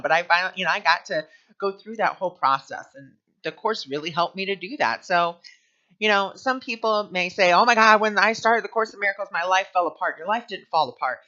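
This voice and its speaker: Male spiritual teacher, conversational storyteller, sharp bright tone, muffled lo-fi recording. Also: high-pitched. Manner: chatty, heavy on "you know" fillers. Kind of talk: personal story in a spiritual lesson commentary. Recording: dull lo-fi recording.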